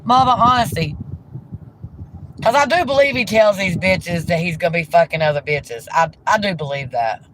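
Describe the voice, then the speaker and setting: A woman's voice: fairly low pitch, lively intonation, fairly quick, hardly any pauses, background noise. A woman ranting heatedly and profanely during a live stream, talking into a handheld phone from inside a car.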